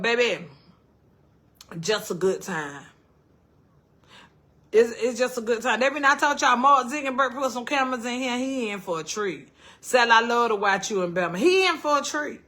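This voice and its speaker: Woman, fifties, livestream host, swears freely, storyteller, forceful, higher pitch. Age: 50s. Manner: animated storytelling, swearing freely, reading out viewer comments. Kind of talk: casual livestream chat. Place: at home.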